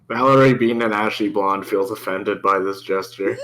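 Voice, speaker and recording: Low-key man player, deep voice. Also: fairly even intonation, unhurried, fairly bright tone, rough recording. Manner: dry, low-key third-person narration of his character. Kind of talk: tabletop game on stream.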